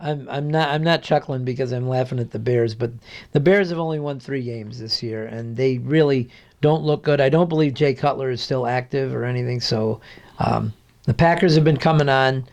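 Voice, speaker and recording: A man as a guest sports analyst in a casual picks chat, measured and hesitant, with many restarts. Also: mid-range voice, a little mellow.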